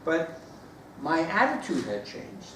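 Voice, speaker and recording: Man, storytelling speech, lively pitch, echoey room, noisy background. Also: takes it slowly. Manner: animated storyteller, acts out voices. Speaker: speaker giving a speech. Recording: roomy echo, distant mic, background noise.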